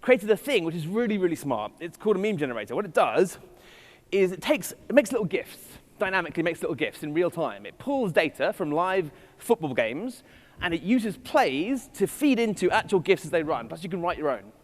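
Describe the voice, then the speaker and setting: Speaking to a live audience, an English conference speaker presents a keynote from a festival stage in a large hall, joking at his own expense in playful asides. He has a high-pitched voice with big pitch swings and a brisk delivery. The recording has long hall reverb.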